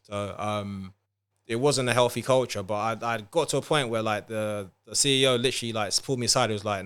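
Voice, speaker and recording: A man's voice: lowish voice, a little fast, clear, resonant tone. Laid-back man telling his story. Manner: relaxed, many fillers like "like" and "um". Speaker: podcast guest, author. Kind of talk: casual interview chat.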